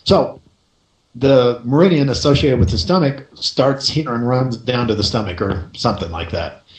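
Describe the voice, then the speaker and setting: A man hosting a coaching radio show, telling a story in a lively way and checking in with the listener by asking "right?". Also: mid-range voice, moderate pace, echoey room, low-quality recording.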